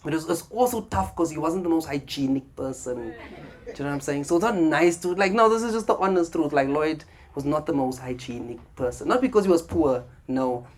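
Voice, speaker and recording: A man's voice: fairly high pitch, brisk. A South African man doing stand-up comedy, chatting with the crowd and acting out voices in his stories. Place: comedy club stage. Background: audience laughter.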